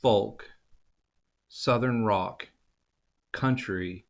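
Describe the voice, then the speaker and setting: A man's voice: on the low side, drawn-out words, gravelly. A man with an Oklahoma accent hosting a podcast, chatty and rambling, often restarting his sentences. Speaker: podcast host. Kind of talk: casual interview chat.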